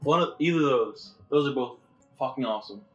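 A man hosting a casual podcast, excitable, swearing and laughing as he chats with friends. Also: mid-range voice, fairly quick, highs cut off, faint music behind. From United States. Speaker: podcast host. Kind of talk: casual chat.

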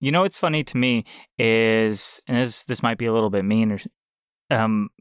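A man's voice: on the low side, normal speed, clear, resonant tone, dry recording, studio quality. A man co-hosting a casual game review chat who laughs often and talks expressively. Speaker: game podcast co-host.

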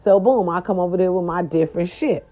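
A woman vlogger telling a casual story straight to her viewers in a sassy, animated way. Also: lowish voice, fast. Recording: dull lo-fi recording.

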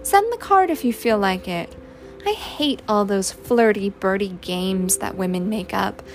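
A woman's voice: medium pitch, a little slow, soft background music. A woman doing a plain, practical mother. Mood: brisk. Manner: calm, matter-of-fact.

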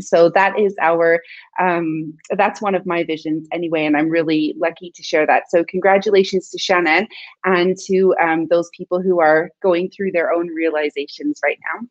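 A woman co-hosting a podcast, talking with warm enthusiasm about leadership in a casual chat. Her voice sounds dry and a little dull, with no room around it. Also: on the low side, fairly even intonation, normal speed, no room sound. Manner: effusive, enthusiastic. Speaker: podcast co-host.

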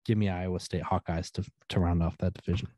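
A man with a fairly low voice co-hosts a casual sports podcast. He sounds laid-back and reads out long lists of teams, his voice trailing off at the end of each one. The recording is dry and close. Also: little pitch movement, quick pace, dark tone, no echo. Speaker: podcast co-host.

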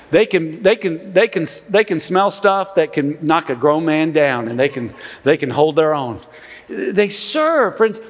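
Middle-aged pastor preaching in a reverberant sanctuary. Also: male voice, high-pitched. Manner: conversational and animated, with sarcastic asides and frequent restarts. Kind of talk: sermon. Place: large church sanctuary. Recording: long reverb of a large church hall.

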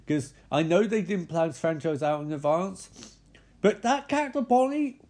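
A man giving a sardonic, profane comedic recap of a film, animated and wry. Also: fairly high pitch. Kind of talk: comedic storytelling.

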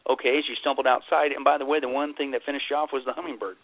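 A man's voice: medium pitch, flat delivery, rapid-fire, no echo, phone-quality sound. A pastor being interviewed as a guest, telling stories in an emphatic, joking way and repeating his punchlines. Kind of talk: animated interview storytelling.

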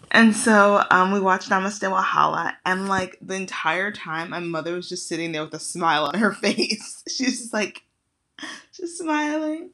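A young woman talks casually on her podcast, telling stories with quick, playful impressions. Her voice sits on the low side for a woman. Her delivery is relaxed and conversational. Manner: animated storyteller who acts out quotes. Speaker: podcast host. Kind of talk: casual monologue.

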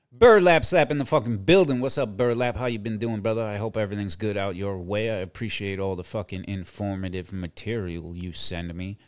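A middle-aged man hosts a podcast, his lowish voice moving at a moderate pace through a crude comedic rant packed with swearing, repeated phrases and chuckles. The sound is clean studio audio with no room sound, and his manner is profane, repetitive and chuckling.

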